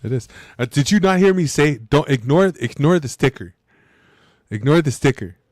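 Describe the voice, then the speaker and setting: A man's voice: fairly high pitch, expressive, normal speed, darkish tone, dry recording, studio quality. A man chatting casually on a live stream. He argues brashly, swears freely, and keeps saying bro and dude.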